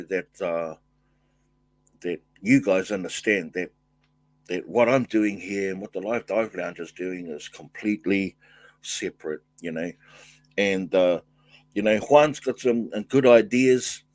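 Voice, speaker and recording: An older man with a lowish voice hosts a casual livestream in a dry recording, thanking viewers and reading their comments. He talks in halting bursts, full of fillers and restarts.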